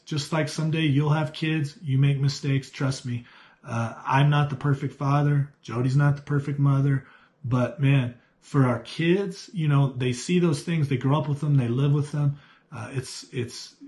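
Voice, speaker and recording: A man's voice: mid-range voice, darkish tone. Earnest man teaching a youth Bible lesson. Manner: conversational, earnest, with fillers and restarts. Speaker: youth Sunday school teacher.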